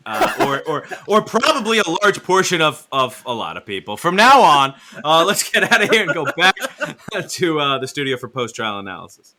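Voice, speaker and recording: A man's voice: fairly high pitch, very animated, moderate pace, noisy background. A man hosting a comedy podcast, chatting casually in a jokey, playful way. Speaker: podcast host.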